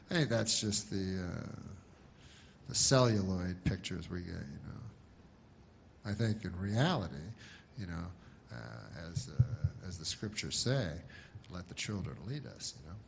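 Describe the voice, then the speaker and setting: A middle-aged male comedian telling a rambling, deadpan comedic story, meandering with many fillers. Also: lowish voice, creaky, slight background noise.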